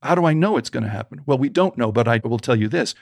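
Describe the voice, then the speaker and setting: A man, a storytelling coach, interviewed as a guest and telling a personal story in a vivid, animated way. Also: mid-range voice, fast talker, gravelly, dry recording.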